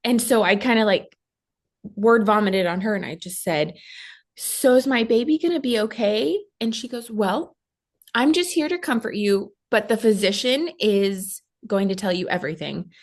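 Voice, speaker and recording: A woman in her thirties, a guest mother retelling a traumatic hospital week, talking quickly with many fillers and acting out what others said. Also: mid-range voice. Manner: fast storytelling with many fillers, acting out quoted voices. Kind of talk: emotional personal recount.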